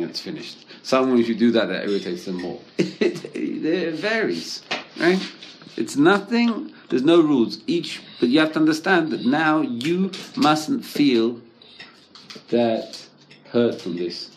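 A man's voice: medium pitch, a little hiss or hum. Man giving a casual Torah talk. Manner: conversational, repeats "right?", mixes in Hebrew terms. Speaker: Torah teacher. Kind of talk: informal religious talk.

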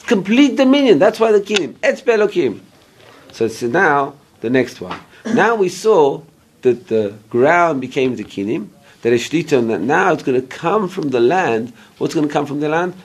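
A husky, high male voice leads an informal Bible class. The speaker, a Torah teacher, explains verse by verse, checks in with his listeners, and sometimes pauses while searching for an English word.

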